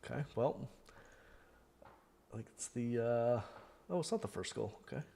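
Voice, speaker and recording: Male fan host, casual live-match chatter, rambling, prone to loud outbursts. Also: mid-range voice, expressive, normal speed, vocal fry, slight background noise. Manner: chatty, rambling, thinks aloud with fillers; bursts into loud disbelieving shouts at goals.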